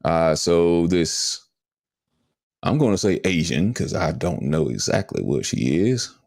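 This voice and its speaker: Male podcast host, very deep, gravelly, drawling. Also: animated, takes it slowly, a little mellow, no echo, studio quality. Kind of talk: casual chat.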